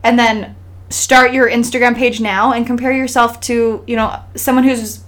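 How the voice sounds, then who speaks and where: A woman's voice: a little high, little pitch movement, normal speed, fairly bright tone. A woman from Idaho co-hosting a podcast, talking earnestly and encouragingly in casual chat, with many restarts and fillers. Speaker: podcast co-host.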